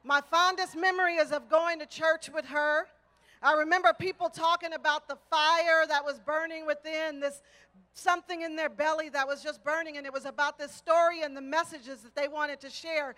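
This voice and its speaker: Rousing high-voiced woman at a rally. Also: fairly even intonation, moderate pace, sharp tone. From Texas, United States. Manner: rousing, rhythmic repetition with crowd chants. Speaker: rally speaker. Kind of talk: rally speech with call and response. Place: outdoor rally before a large crowd.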